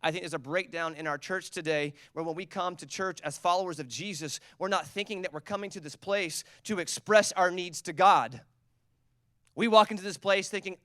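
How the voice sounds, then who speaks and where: A man's voice: high-pitched, brisk, no echo, clean studio sound. A man, preaching a sermon and telling a story, acting out the quotes with energy. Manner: storytelling, animated, acts out quotes. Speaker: pastor.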